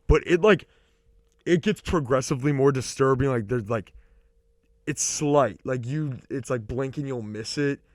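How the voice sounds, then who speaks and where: A man's voice: mid-range voice, moderate pace, a little mellow, no room sound. Young guy chatting on a podcast, rambles, says like a lot, swears, dry close mic. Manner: rambling, heavy use of "like" and "um", swears freely. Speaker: podcast co-host. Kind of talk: casual chat.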